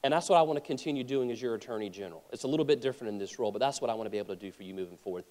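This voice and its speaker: A man's voice: medium pitch, darkish tone. A man who is a state attorney general, giving an earnest, emphatic political convention speech with frequent restarts, speaking into a podium mic in a convention hall. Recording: long hall reverb.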